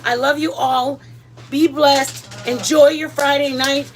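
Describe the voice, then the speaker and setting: A woman's voice: high-pitched, fairly even intonation, slow, soft background music. A middle-aged woman vlogging in a rambling, chatty, self-deprecating way while she cooks at home. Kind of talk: casual chat.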